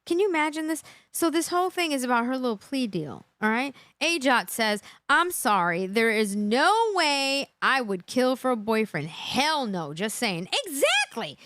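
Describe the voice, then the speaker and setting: A woman's voice: fairly high pitch, big pitch swings, normal speed, few pauses, fairly bright tone, no room sound, studio quality. A woman hosting a live true crime reaction, indignant and emphatic, repeating her points for effect.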